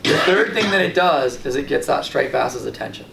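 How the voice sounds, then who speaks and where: Gravelly, animated fishing host. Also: male voice, mid-range voice, moderate pace. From Long Island, New York. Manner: animated storyteller, acts out his own past reactions. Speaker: fishing guide and show host. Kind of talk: casual fishing tips talk. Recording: roomy, distant mic with light background noise.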